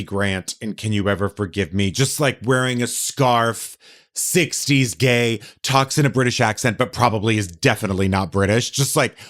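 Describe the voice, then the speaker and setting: A man co-hosting a podcast, chatting casually and telling stories in an animated, theatrical way. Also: medium pitch. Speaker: podcast co-host. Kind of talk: casual chat.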